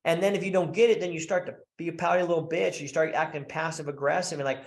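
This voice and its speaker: This podcast guest, who coaches married men, talks fast with vocal fry in a voice on the high side, cursing freely and speaking bluntly. His stories are animated, and he acts out other people's voices mid-sentence, all in a reverberant space.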